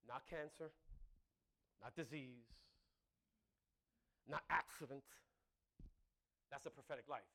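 A man's voice: medium pitch, measured pace, long pauses, bright, forceful tone. A middle-aged man preaching a sermon, joking with the crowd, laughing often and repeating his words.

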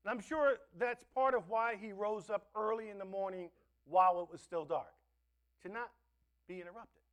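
High-voiced preaching man. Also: normal speed, muffled recording. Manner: dynamic preaching, swinging between loud stresses and soft asides. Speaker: pastor. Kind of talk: sermon. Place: church.

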